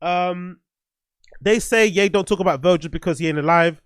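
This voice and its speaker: A blunt man hosts a casual livestream, swearing freely and circling back over his points. His voice sits a little high for a man. The recording is close and dry. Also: normal speed, clean tone, dry recording. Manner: blunt, profane, rambling with restarts. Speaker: streamer host reviewing music.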